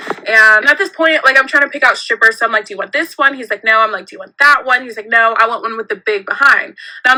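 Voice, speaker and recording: A young woman telling a personal story in an animated, giggly way, acting out what people said. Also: fairly high pitch, low-quality recording. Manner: animated, giggly, acts out quotes.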